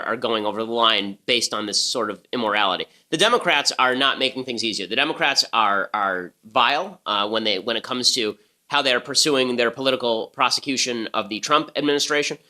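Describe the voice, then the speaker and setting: A man's voice: mid-range voice, a little fast, sharp tone. A man hosting a political podcast, delivering commentary in a punchy, sarcastic way. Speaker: podcast host.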